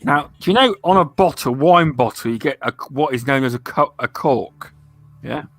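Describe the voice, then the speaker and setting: A man co-hosting a casual gaming podcast, chatty and animated when telling a story. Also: medium pitch, moderate pace, no echo, faint music behind.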